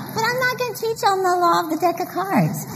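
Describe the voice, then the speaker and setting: A middle-aged woman giving an animated, story-filled motivational church talk, laughing often. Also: very high voice. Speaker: women's conference speaker. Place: church hall. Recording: reverberant hall mic, faint noise.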